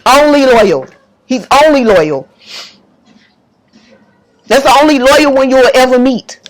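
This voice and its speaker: A woman's voice: sits high, animated, unhurried. A woman giving an impassioned religious monologue to camera, emphatic and repetitive, audibly emotional. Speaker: faith vlogger.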